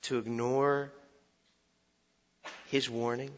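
A man preaching a sermon, animated and humorous, swinging from loud warnings to quiet, reflective asides. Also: mid-range voice, drawn-out words. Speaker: pastor. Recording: dull sound with long hall reverb.

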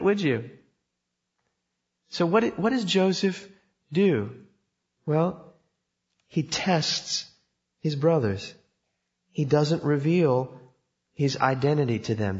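A man's voice: on the high side, breathy edge. A man preaching a sermon, telling a story with emphasis and putting questions to his listeners. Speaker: pastor. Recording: dull sound in a reverberant hall.

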